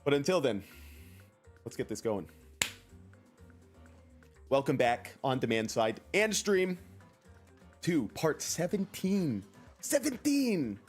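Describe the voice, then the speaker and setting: A man's voice: medium pitch, expressive, slow pace, long pauses. A young man streaming a game, chatting casually with his viewers, joking around and reading out chat messages in silly voices. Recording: faint music behind.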